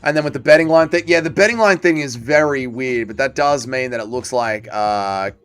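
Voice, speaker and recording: A man's voice: mid-range voice, brisk, a bit bright, clean tone. A man hosting a livestream watch party, chatting casually and joking as he reads viewer comments aloud and answers them. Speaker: livestream host.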